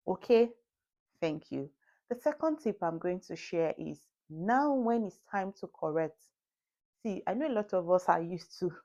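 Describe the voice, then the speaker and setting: A woman in her thirties with a Nigerian accent, talking calmly through parenting tips, laughing often and asking the listener questions. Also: on the low side. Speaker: parenting video host. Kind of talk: casual advice talk to camera. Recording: dull lo-fi recording.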